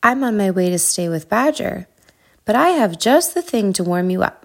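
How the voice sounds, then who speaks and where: A woman voicing a small, kind male hedgehog in a storybook reading, earnest and bright. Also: mid-range voice, animated, normal speed, vocal fry.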